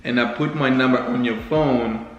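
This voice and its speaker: A man's voice: mid-range voice, steady tone, normal speed, dull audio. A young man with a foreign accent telling a story with his partner in a playful, teasing way. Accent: non-native English. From Angola. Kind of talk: casual storytime chat. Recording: very echoey room, faint music.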